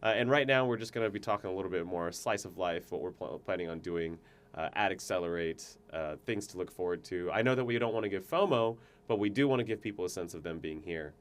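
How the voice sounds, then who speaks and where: A man with a fairly low voice co-hosts a casual podcast in a booth. He talks in an animated, opinionated way and often stops and restarts mid-sentence. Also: quick pace. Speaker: podcast co-host. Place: podcast booth at a conference office.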